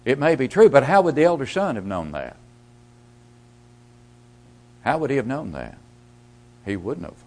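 Lively-voiced male preacher. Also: mid-range voice, normal speed, pauses often. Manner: rhetorical questions, swings between loud emphasis and hushed asides. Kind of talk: sermon.

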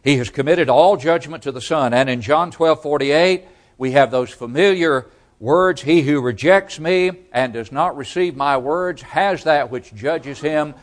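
A man preaching a sermon, quoting scripture, with strong emphasis on key words and sudden drops to quiet. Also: medium pitch, lively intonation, measured pace. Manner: emphatic, swings between loud stress and quiet drops.

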